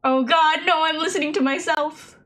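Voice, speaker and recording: Young woman game streamer, high and bright, chatty and self-mocking, talking to chat and to herself. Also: fairly even intonation, normal speed. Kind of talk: casual live-stream chat while gaming. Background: soft lo-fi background music.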